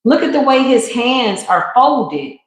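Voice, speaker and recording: A woman giving a live tarot reading, talking to viewers in an animated, emphatic way. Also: fairly high pitch, takes it slowly. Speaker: tarot reader. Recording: roomy echo.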